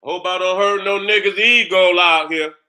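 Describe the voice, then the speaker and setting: Fired-up bright-voiced man ranting. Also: high-pitched, fairly even intonation, moderate pace. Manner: boastful, combative, repeats his phrases, asks "you understand". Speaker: host of his own channel. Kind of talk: fired-up profane monologue.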